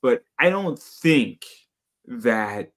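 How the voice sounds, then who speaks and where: A man hosting a podcast in casual chat, talking bluntly with swearing and animated storytelling. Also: medium pitch, very slow. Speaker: podcast host.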